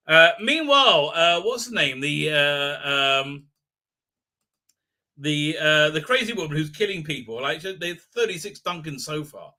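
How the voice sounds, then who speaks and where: A man riffs sarcastically through a live episode commentary. His voice is very bright and cutting, sitting slightly high, and he keeps restarting with "uh, uh" before acting out lines in mocking voices. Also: lively intonation, unhurried. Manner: sarcastic, mocking, acts out quotes in exaggerated voices; many fillers and restarts. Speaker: host.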